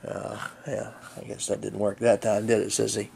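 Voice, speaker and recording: A man's voice: lowish voice, completely flat delivery, normal speed, creaky, warm tone, a little hiss or hum. A man chatting casually outdoors, narrating a game of fetch and fondly coaxing his dog. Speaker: channel host. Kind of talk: casual vlog commentary while playing fetch.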